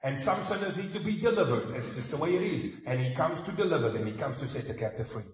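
A man's voice: on the high side, lively intonation, fast talker. Man preaching in an echoey church. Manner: conversational preaching with humorous asides. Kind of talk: sermon. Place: church hall. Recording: echoey hall, mic far off.

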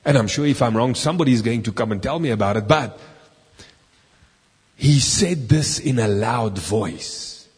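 Husky preacher in a reverberant hall. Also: male voice, mid-range voice, animated. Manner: swings from loud emphatic lines to slow, quiet, drawn-out words. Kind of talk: sermon.

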